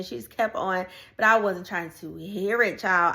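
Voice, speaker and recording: An earnest woman tells her faith testimony in a casual, conversational way and speaks directly to her viewers. She often repeats and restarts phrases as she goes, at an ordinary middle pitch for a woman. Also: slow pace, vocal fry, few pauses, pushed and bright. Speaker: sharing a personal faith testimony.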